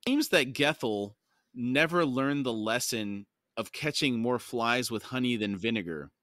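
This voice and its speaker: A man's voice: medium pitch, a little slow, a bit bright, no room sound. Man podcast co-host, enthusiastic casual book talk, dry close sound.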